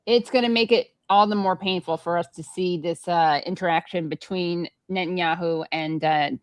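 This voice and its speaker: A woman's voice: on the low side, fairly even intonation, normal speed, dry recording. A woman hosting a casual political podcast, chatty and sardonic. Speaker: podcast host.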